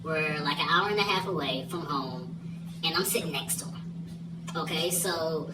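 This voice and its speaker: Animated young man telling a story. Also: a little high, moderate pace, distant mic. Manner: animated, laughing, checks in with the listener. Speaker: vlogger. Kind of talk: casual storytime monologue. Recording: echoey room, voice off-mic, clear hum. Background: steady hum.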